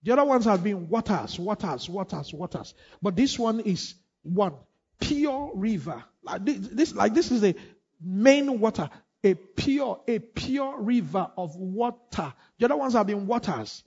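High-pitched male preacher, repetitive call-and-response sermon, dull lo-fi church recording. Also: lively intonation, measured pace, darkish tone, slightly rough. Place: church hall.

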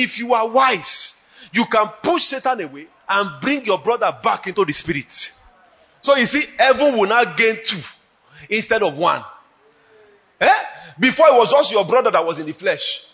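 A pastor with a Nigerian accent preaches a sermon in a high-pitched voice, swinging between hushed lines and shouted ones. The audio is dull.

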